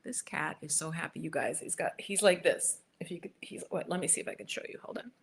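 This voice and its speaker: A woman's voice: sits low, animated, brisk, gravelly, breathy edge. A woman in her fifties, a yoga teacher, answering viewers in a chatty, encouraging live Q&A, repeating her points, recorded on a computer mic at home.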